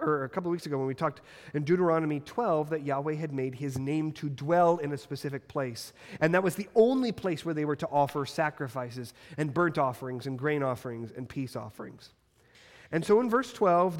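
Pastor guy preaching a sermon, kinda high voice, big pitch swings, long echo like a church hall. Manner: expressive preaching with strong pitch swings and emphatic slowing. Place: church sanctuary.

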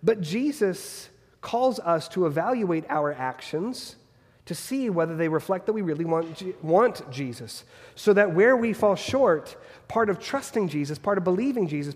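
A man's voice: sits high, expressive, normal speed, a little mellow, long reverb tail. A man preaching a sermon as pastor, earnest and fond of repeated rhetorical questions.

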